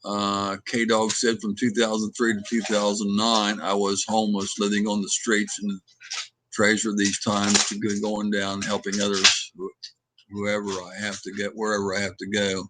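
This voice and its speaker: A man hosting a casual livestream from home, rambling and reading viewer comments out loud with lots of hesitant fillers. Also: on the low side, completely flat delivery, normal speed, slight background noise. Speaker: livestream host. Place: at home with his dog.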